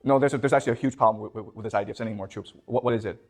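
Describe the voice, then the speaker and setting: A man's voice: on the low side, fairly even intonation, darkish tone, husky. A male professor from China lecturing a class, firing questions at the students and checking "okay?" after nearly every point, often repeating words as he pushes on. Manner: quizzes the class with rapid questions, tags "okay?" constantly.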